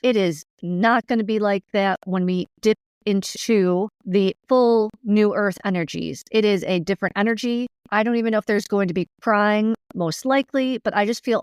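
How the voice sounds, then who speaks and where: A woman's voice: medium pitch, clean tone, dry recording, studio quality. A middle-aged woman co-hosting a spiritual podcast, talking earnestly and emphatically, laughing often. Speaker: co-host. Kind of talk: casual spiritual podcast talk.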